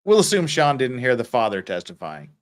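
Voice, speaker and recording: Hosting a casual legal commentary livestream, a man reads viewer comments aloud and offers blunt, profane opinions, often restarting his sentences. His medium-pitched voice swings hugely in pitch, and he talks fairly quickly.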